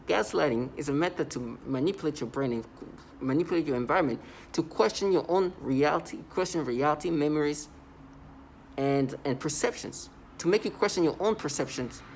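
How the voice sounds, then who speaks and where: A man talking in a casual vlog monologue, rambling and halting, with many restarts and stammered repeats. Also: fairly high pitch, vocal fry, slight background noise. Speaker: vlogger.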